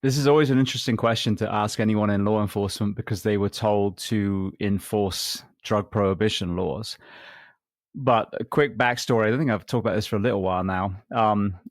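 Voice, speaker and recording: A man hosting a podcast interview, asking questions and telling a backstory in a thoughtful, measured way with frequent ums. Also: on the low side, steady tone, no echo, clean studio sound. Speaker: podcast host.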